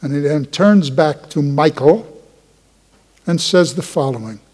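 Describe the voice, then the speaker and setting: A man's voice: on the high side, unhurried, a little mellow, slightly rough. An older man, a professor, giving a conference keynote and telling a personal story with emotion. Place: large lecture hall. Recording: long hall reverb.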